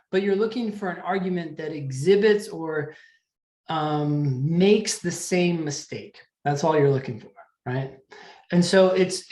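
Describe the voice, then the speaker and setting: A man's voice: on the high side, roomy sound. A man teaching a live test-prep class, explaining step by step in a conversational way and often checking in with the students. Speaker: LSAT teacher.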